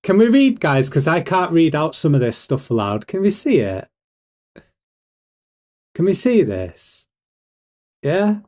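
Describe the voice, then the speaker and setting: A man's voice: on the high side, very animated, takes it slowly, long pauses, a little mellow. Hyped British man talking to his stream chat. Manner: hyped, rhetorical, keeps asking the chat questions. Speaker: livestream host. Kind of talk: casual livestream commentary.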